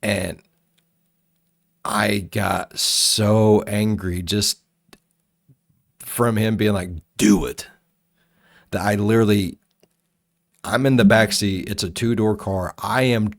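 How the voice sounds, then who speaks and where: A man hosting a reaction video, telling rambling, profane stories in a casual, animated way. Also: lowish voice, takes it slowly, pauses often, no room sound, studio quality. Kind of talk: casual storytelling commentary.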